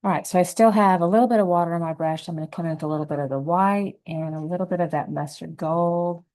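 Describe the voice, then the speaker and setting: A woman giving a relaxed, encouraging step-by-step painting lesson, thinking aloud as she paints. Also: fairly low pitch, fast talker, poor audio. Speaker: painting instructor.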